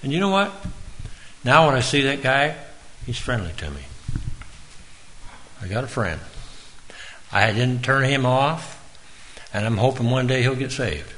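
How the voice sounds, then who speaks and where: A man's voice: mid-range voice, expressive, a little slow, long pauses, a bit bright, rough recording. A man giving an informal, earnest sermon in a folksy way, now and then calling on listeners by name. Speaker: preacher.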